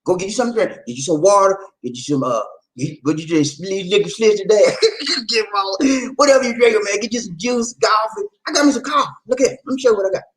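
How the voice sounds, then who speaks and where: A man hosting a casual live-stream talk about relationships, animated, repeating phrases and calling out to his viewers. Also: high voice, fast, rough recording.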